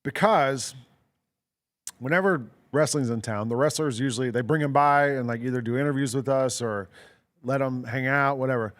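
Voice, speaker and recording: A man's voice: mid-range voice, normal speed, a bit bright. A man co-hosting a casual sports talk show, telling stories in a rambling way with lots of "like" and "um" fillers. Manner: amused storyteller. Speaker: sports radio co-host.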